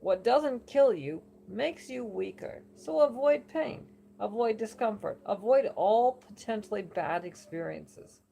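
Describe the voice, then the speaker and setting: A woman voicing a glib, self-satisfied male oracle in a deliberately bad put-on New York accent, chatty and boastful. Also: on the high side, animated, vocal fry, mellow, slight background noise, pitched above the performer's own voice. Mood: emphatic.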